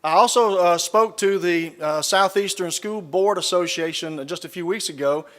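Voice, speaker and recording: A man's voice: high-pitched, moderate pace. Folksy Southern man in a reverberant hall. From Southern United States. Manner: folksy storytelling with dry punchlines. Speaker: keynote speaker. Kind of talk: speech with humorous anecdotes. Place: large conference hall, live audience.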